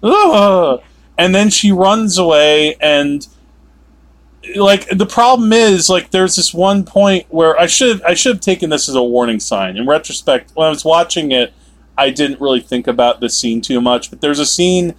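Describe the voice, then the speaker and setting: A man co-hosting a movie review podcast, talking in a rambling, animated way with sudden emphatic outbursts. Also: a little high, moderate pace. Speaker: podcast co-host. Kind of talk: casual movie review chat.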